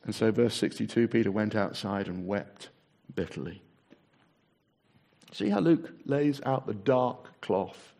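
A man preaching a sermon, acting out the voices in the story and dropping to a hushed, low voice for solemn points. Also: lively intonation, a little slow, creaky, long pauses. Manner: dramatic, acts out the voices in the story.

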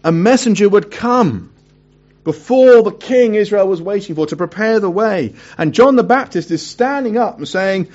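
Guy preaching a sermon, kinda high voice, reads scripture then chats in between, dull lo-fi sound. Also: animated, normal speed, darkish tone. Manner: chatty asides between scripture readings.

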